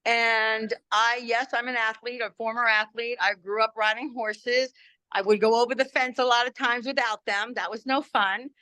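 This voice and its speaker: A woman in her sixties, talking from home, tells her story in a bright, forceful voice set a little high. She is chatty and animated and acts out the quoted lines with big leaps in pitch. The sound is dry and close. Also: moderate pace, smooth, dry recording. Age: 60s. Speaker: guest giving a testimony. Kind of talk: animated personal testimony on a call. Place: at home doing laundry.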